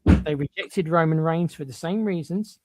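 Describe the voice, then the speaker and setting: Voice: medium pitch, normal speed, warm tone, dry recording. A podcast co-host giving blunt, emphatic opinions, often stumbling into repeated restarts.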